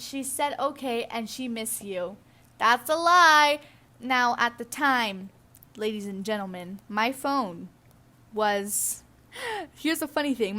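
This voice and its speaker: Young woman, bright voice, slightly high, chatty gaming storyteller, fillers and restarts. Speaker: gaming YouTuber. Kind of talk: casual commentary over gameplay.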